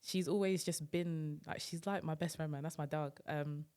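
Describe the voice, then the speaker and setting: A woman, hosting a podcast in casual chat, relaxed and chatty, often ending phrases with "man". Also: deep voice, moderate pace, smooth. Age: 20s. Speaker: podcast host.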